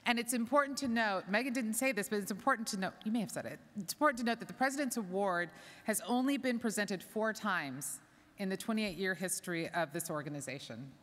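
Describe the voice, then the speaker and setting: A middle-aged woman giving a warm, chatty, emotional speech as an award presenter, moved close to tears. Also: mid-range voice, expressive, fast. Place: large conference hall. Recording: long hall reverb.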